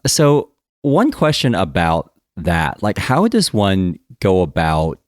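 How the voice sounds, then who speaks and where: A man's voice: sits low, wildly swooping pitch, slow pace, no echo, studio quality. An American man hosting an interview podcast, asking curious, encouraging questions. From United States. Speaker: podcast host.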